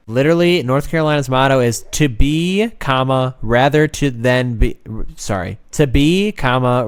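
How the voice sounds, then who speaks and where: A man's voice: medium pitch, clean tone. A young man in casual chat, rambling with crude slang. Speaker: podcast co-host.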